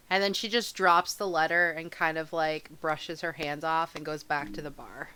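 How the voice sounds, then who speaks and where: Bright playful woman player. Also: deep voice, steady tone, slow, slight background noise. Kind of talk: describing her character's actions.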